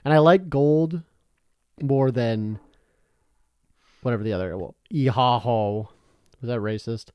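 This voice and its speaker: Young man from Canada, podcast co-host, loose rambling chat, medium pitch, dry close mic. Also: expressive, a little slow, pauses often, darkish tone, smooth, no room sound. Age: young adult. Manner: rambling, laughs often, swears casually. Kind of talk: casual chat.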